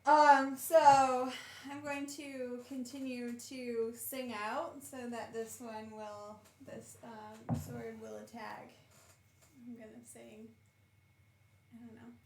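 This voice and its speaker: A woman's voice: a little high, flat delivery, slow. A woman playing a tabletop game, hesitant with many ums and giggles. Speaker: player. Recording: echoey room with faint noise.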